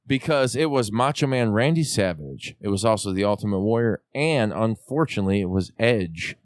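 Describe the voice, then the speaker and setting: A man hosting a wrestling podcast, joking around with loud, profane hype. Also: lowish voice, lively intonation, moderate pace, no echo, studio quality. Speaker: podcast host. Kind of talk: rowdy casual chat.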